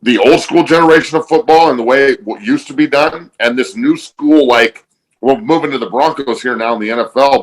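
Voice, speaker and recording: A man's voice: medium pitch, a bit bright, poor audio. A man hosting a podcast, talking bluntly and emphatically in casual chat, with frequent swearing. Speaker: podcast host.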